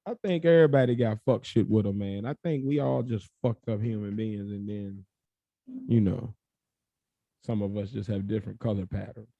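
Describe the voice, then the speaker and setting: A young man co-hosting a podcast, talking in a blunt, profane, animated way in casual chat. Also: lowish voice, moderate pace, vocal fry, dry recording, dull audio. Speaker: podcast co-host.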